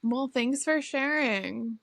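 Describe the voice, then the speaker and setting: A woman co-hosting a podcast in casual chat, speaking slowly with brief reactions. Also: high voice, gravelly, a bit bright, no room sound. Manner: slow, laughs along, brief reactions. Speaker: podcast co-host.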